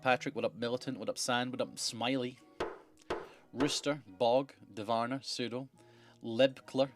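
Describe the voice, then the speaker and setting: A man live-streaming a video game, chatting playfully and reading the game text aloud. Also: mid-range voice. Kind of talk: casual live-stream commentary.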